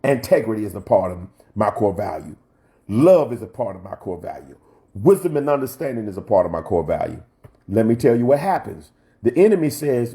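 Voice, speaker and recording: Warm-toned preacher man telling a story. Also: lowish voice, very animated, fairly quick. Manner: storytelling, repeats phrases, rising to preaching fervor. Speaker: pastor. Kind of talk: sermon. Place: church.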